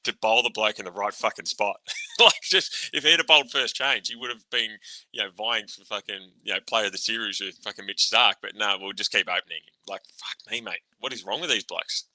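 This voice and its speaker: A low-pitched Australian man with a very bright, forward tone rants bluntly through casual sports chat. He swears freely and breaks into laughter. The sound is dry and close. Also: brisk, no echo, low-quality recording. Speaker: podcast co-host, ex-cricketer.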